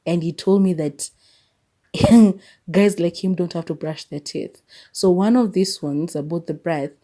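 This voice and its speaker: A young woman hosts her own podcast solo, chatting casually and animatedly, laughing often and switching between English and Swahili. Her voice is on the low side with a dark tone.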